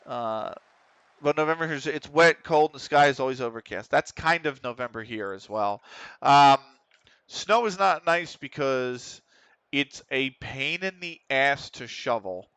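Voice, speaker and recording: An almost middle-aged American man talks casually on a game stream, cursing freely as his team struggles. His voice is bright and crisp, with a smooth, clean tone. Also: mid-range voice, animated, a little slow, dry recording. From United States. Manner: swears often, frustrated at the match, reads chat. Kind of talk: casual gaming stream chat.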